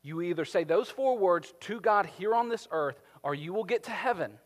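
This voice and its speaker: Male pastor, fairly high voice, sermon delivery, long church-hall reverb. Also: normal speed. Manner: animated, rising to emphatic peaks then dropping soft.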